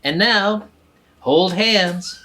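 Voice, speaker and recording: A woman voicing a schoolteacher who hands out brisk, commanding instructions to her class. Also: mid-range voice, fairly bright tone, a little hiss or hum, pitched above the performer's own voice. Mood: bossy.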